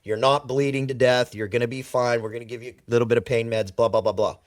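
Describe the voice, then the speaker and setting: A man in a podcast chat, spinning personal stories with animated, emphatic delivery and repeated words for effect. His voice sits at an ordinary middle pitch. The recording is close and dry, with no room sound. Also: quick pace, no echo. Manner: animated storyteller who acts out quoted dialogue. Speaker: podcast guest. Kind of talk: personal storytelling in conversation.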